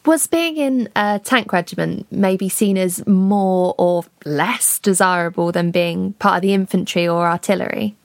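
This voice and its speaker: A woman's voice: fairly low pitch, a little slow, gravelly, few pauses, no echo, studio quality. A woman interviewing a guest, asking short, plain questions.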